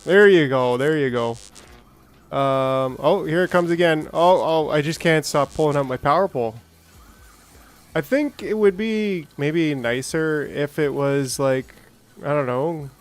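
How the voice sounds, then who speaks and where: A man's voice: fairly high pitch, lively intonation, a little slow, soft background music. Chatty man streaming a factory game. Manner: rambling, chatty, greets viewers by name. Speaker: gaming streamer. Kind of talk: casual let's-play commentary.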